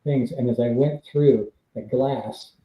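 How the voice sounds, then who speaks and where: A man's voice: medium pitch, takes it slowly, echoey room, dull audio, a little hiss or hum. A man, a former stunt double, telling casual rambling stories with fillers and laughs. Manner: rambling anecdotes with fillers, laughs between lines. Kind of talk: casual storytelling on a live stream.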